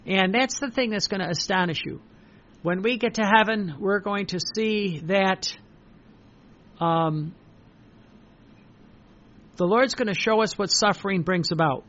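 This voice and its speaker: A man's voice: sits high, a little slow, long pauses, fairly bright tone. An older man, a priest, preaching and telling personal stories, often stumbling and repeating words with many fillers. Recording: dull lo-fi recording.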